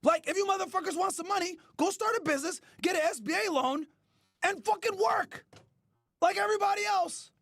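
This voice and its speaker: A man hosting a podcast, ranting loudly with profanity, often shouting and mocking others in whiny put-on voices. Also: very high voice, brisk, no echo, soft background music. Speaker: podcast host. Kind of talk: ranting commentary.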